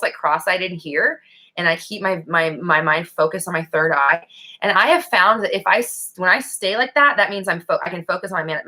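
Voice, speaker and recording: Hosting a relaxed live question-and-answer session, a young woman with a lowish voice responds to viewers with animated bluntness and plenty of swearing.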